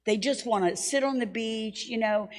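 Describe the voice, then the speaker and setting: A middle-aged woman teaching at a Bible school, telling a personal story in a lively, self-mocking sermon style. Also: on the high side, normal speed, a little hiss or hum. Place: church hall. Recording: long hall reverb.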